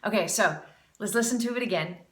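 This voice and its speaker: Bright-voiced woman jazz vocal teacher. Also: medium pitch, fast, roomy sound, distant mic. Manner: encouraging, demonstrates with sung scat syllables. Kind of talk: music lesson critique with scat singing demos.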